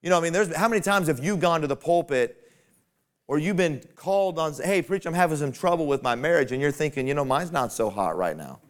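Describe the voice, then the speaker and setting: A man's voice: on the high side, lively intonation, brisk. A man preaching a sermon to fellow pastors in a folksy, conversational way that climbs to emphatic peaks.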